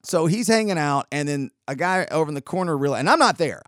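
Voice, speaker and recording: Male host, casual sarcastic storytelling, lively swoops, slightly high, dry close sound. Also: no echo. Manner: sarcastic, animated, quick asides. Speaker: podcast host.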